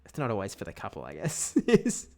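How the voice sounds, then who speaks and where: Man, Australian accent, young adult, low pitch, casual gaming stream chat, laughs a lot. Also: huge pitch swings, a little fast, creaky, darkish tone. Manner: laughs often while telling anecdotes.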